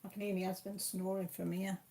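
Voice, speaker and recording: A woman with a Welsh accent chats away on a live stream from her home. Her pitch sits at an ordinary middle height. She reads out viewers' comments in a relaxed, homely manner, with plenty of slang and the occasional mild swear. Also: brisk, a little hiss or hum. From Wales. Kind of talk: casual chat reading out live chat comments.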